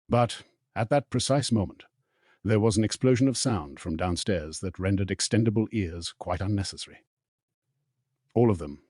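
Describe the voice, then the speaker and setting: Low, husky male audiobook narrator. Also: a little mellow, no echo, studio quality. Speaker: audiobook reader. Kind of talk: scripted narration.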